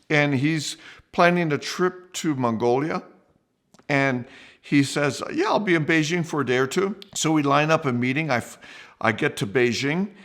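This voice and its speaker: Brief: male host spinning a personal story, animated and mid-pitched. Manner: lively, with restarts and acted-out quotes.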